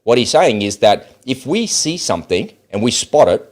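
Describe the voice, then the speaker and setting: A man's voice: mid-range voice, big pitch swings, normal speed. A man with an Australian accent giving blunt, sarcastic, profane commentary on a video clip. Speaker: political commentator.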